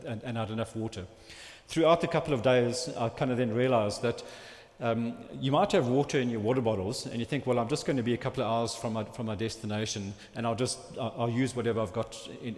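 A man preaching, telling a personal story in a halting, rambling way with many restarts. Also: mid-range voice, darkish tone. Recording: long hall reverb.

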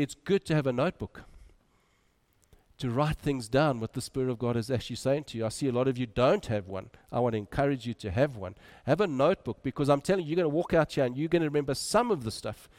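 A man preaching a sermon, moving between loud urging and quiet, soft drops. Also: medium pitch, animated, fast.

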